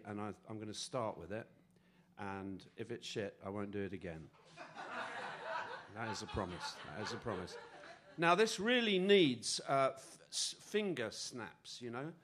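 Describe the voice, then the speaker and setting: A man's voice: on the low side, a bit bright, slight background noise. A male comedy musician on a live stage, chatting loosely to the audience and singing a comic song, self-deprecating and offhand. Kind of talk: stand-up patter and comic song. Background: audience laughter.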